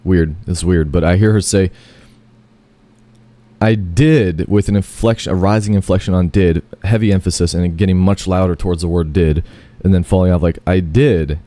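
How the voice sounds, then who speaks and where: A man's voice: sits low, fairly even intonation, brisk, few pauses, dark tone, no room sound. A man telling a long, rambling first-person story, full of fillers, self-corrections and casual swearing.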